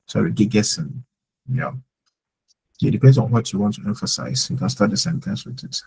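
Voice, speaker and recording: Gravelly, husky-voiced male German teacher. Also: lowish voice, big pitch swings, moderate pace, darkish tone, rough recording. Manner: explains with many "like" fillers. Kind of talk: live online lesson.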